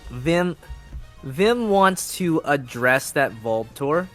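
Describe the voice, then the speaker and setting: Hesitant male player, bright tense tone, halting questions. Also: fairly high pitch, animated, soft background music. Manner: hesitant, filler-heavy questions. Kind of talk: casual tabletop play.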